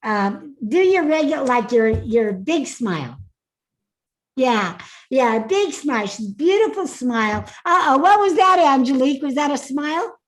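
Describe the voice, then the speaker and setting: This woman's voice sits up high as she coaches a live online class over a video call. She is upbeat, laughs easily, and keeps calling on attendees by name. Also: lively intonation, a little slow, rough recording. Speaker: speaking coach.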